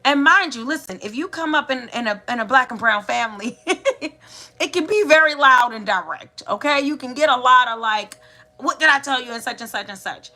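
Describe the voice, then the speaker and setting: A woman in her thirties hosting a podcast, telling family stories in a casual, animated way and acting out the voices of her relatives. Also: on the high side, normal speed. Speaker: podcast host. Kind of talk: casual storytelling monologue.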